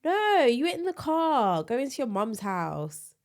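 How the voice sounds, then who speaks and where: Woman chatting on a podcast, lively, laughs a lot, bit stuffy from a cold. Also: a little high, a little slow. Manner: chatty, animated, laughs often. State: tired, a bit bunged up with a cold. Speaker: podcast co-host. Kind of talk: casual chat.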